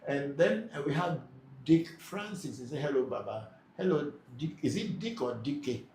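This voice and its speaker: A spiritual teacher runs a live Q&A, reading viewers' comments aloud and explaining patiently with lots of hesitations. His voice is on the high side, animated and a little mellow, at a moderate pace. The room is echoey, with faint background noise.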